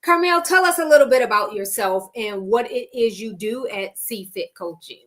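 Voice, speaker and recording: A woman's voice: a little high, animated, moderate pace, a bit bright. An American woman hosting an interview podcast, bubbly and effusive, laughing often. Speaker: podcast host. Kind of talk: upbeat interview chat.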